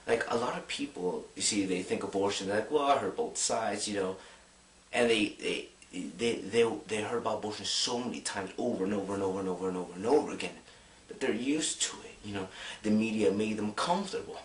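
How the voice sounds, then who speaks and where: A man's voice: on the low side, a little fast. Rambling young man, echoey and distant. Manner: excited, rambling, fond of filler words. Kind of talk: casual monologue to camera. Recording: roomy, distant mic.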